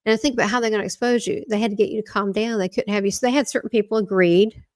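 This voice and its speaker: A woman's voice: medium pitch, fairly even intonation, very fast, no room sound, studio quality. A woman being interviewed as a spiritual medium, talking animatedly and often breaking off and restarting her sentences. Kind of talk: casual interview chat.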